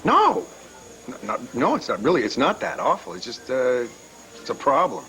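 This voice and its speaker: A man's voice: medium pitch, sing-song, fairly quick, a bit bright, low-quality recording. An actor playing a reluctant man keeping his brother's secret, stammering and hesitant. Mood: torn. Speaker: brother torn over a secret. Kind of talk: daytime soap acting.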